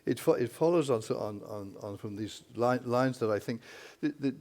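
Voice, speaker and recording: A man moderating a literary panel, thinking aloud and animated as he talks through a poem. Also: mid-range voice, moderate pace. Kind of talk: panel discussion.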